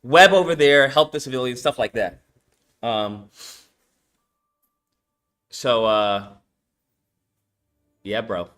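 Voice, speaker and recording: A young man chatting casually on a stream about his game project, slangy and animated, with lots of swearing and fillers. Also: mid-range voice, slow pace, long pauses, faint music behind. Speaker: game developer and channel host. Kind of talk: casual livestream chat.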